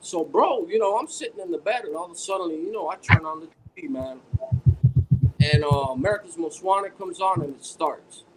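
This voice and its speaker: Male guest, high voice, rambling anecdote, faint hiss behind. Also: a little fast, vocal fry. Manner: animated, rambling with restarts. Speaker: podcast guest. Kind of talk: casual storytelling.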